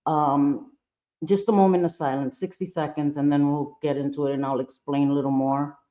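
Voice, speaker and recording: Woman streamer, low mellow voice, chatty and apologetic, dull lo-fi mic. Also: steady tone. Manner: warm greetings, apologetic, halting with fillers. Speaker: live-stream host. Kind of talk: casual live-stream chat.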